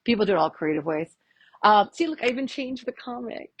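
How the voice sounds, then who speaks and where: A woman chiropractor giving a casual health workshop to a live audience, chatty and animated with quick asides and jokes. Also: medium pitch, highs cut off, background noise.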